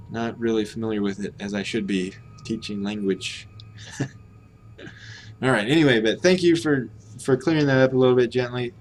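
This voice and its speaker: A lowish male voice, with slight background noise, belongs to an American host of a language-learning live stream. His casual commentary is hesitant, and he keeps correcting himself as he thinks aloud.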